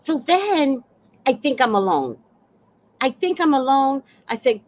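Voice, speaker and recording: A woman's voice: a little high, sing-song, unhurried, slight background noise. A woman telling a neighborhood story in a casual vlog, blunt and profane, acting out the people she describes. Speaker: vlogger.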